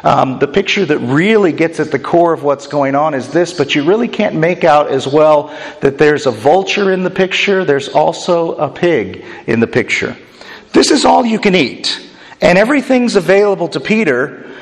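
Gravelly man preaching in a reverberant hall. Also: on the high side, moderate pace. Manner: animated, jokey, acts out quoted lines. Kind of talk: sermon.

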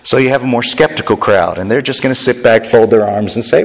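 A man's voice: fast, gravelly. Preaching man in an echoing hall. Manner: expository, rising to emphatic pitch when quoting. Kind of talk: sermon.

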